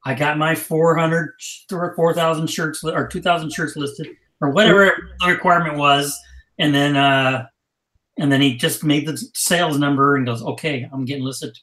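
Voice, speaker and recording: A man co-hosting a casual online chat, telling stories in a lively, joking way. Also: fairly high pitch, moderate pace, roomy sound, rough recording. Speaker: podcast co-host.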